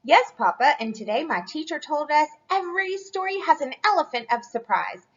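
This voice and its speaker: A woman voicing an excited little child chicken who pleads eagerly in a storybook read-aloud. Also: sits high, normal speed, muffled recording, voice pushed up.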